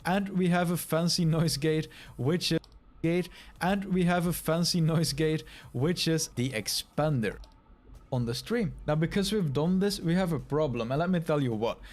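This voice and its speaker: A man's voice: fairly high pitch, normal speed. Man explaining audio settings, tutorial style. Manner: instructive, walks through settings, demonstrates by talking quiet and shouting. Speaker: streaming tutorial presenter. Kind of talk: step-by-step screen tutorial.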